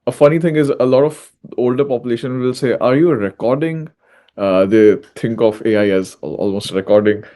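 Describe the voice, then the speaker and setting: A man, a tech executive guest, explains how things work. He speaks matter-of-factly. His voice has a mellow, warm tone. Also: mid-range voice, little pitch movement, a little fast, few pauses. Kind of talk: interview answers.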